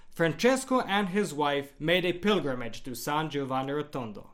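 Lively, higher-voiced male storyteller. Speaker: narrator. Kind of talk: scripted narration of a devotional story.

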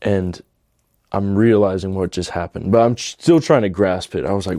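A young man telling a personal conversion story in a halting, emotional way. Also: deep voice, dark tone, dry recording, studio quality. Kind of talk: personal testimony.

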